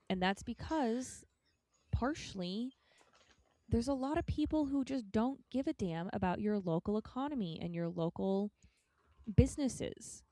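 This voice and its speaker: A woman's voice: fairly high pitch, mellow, dry recording. A woman co-hosting a podcast, talking frankly and a bit facetiously in casual political discussion. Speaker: podcast co-host.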